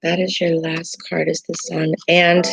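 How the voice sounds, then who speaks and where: A woman giving a tarot reading, speaking in a halting, hesitant way with many pauses and fillers. She sounds earnest and emotional as she talks through the cards. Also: lowish voice, monotone, vocal fry, husky, poor audio. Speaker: tarot reader. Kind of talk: tarot card reading to camera. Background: soft meditation music.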